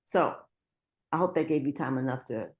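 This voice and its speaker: A woman's voice: extremely low pitch, animated, normal speed, a little mellow. A woman guest speaker giving an earnest, encouraging motivational talk.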